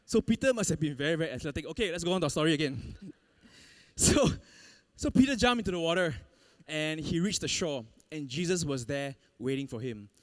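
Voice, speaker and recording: Man, animated sermon, acts out quotes, higher-pitched. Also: fairly quick. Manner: animated storytelling, laughs often, acts out quotes. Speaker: pastor. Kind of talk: sermon with personal story.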